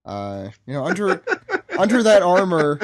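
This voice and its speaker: A man guest on a podcast, recapping a comic in a relaxed, wry way with hesitant fillers and frequent laughs. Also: high-pitched, a little slow. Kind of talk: casual chat recapping a comic.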